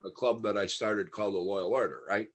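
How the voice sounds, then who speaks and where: A man's voice: fairly low pitch, fairly even intonation, a little fast. A middle-aged man telling stories in a casual podcast chat, rambling, laughing often and acting out what others said. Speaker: podcast guest.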